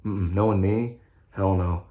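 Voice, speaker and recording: A man's voice: sits low, steady tone, measured pace, dark tone. A young man from Nebraska telling his own story in a rambling, profane, stop-start way, full of restarts. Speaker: vlogger sharing recovery story. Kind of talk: unscripted personal monologue.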